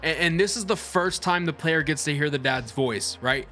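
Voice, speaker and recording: Male game reviewer, blunt and irreverent, crisp high voice over soft music. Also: normal speed. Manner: blunt, irreverent, stammers on restarts. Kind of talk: casual profane game commentary.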